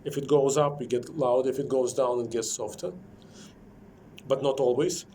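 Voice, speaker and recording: A man's voice: medium pitch, fairly even intonation, normal speed, darkish tone, slight background noise. A man teaching a private piano lesson, explaining shaping and balance in slightly non-native English while he plays and sings rhythms. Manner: corrective, explains while playing and singing rhythms.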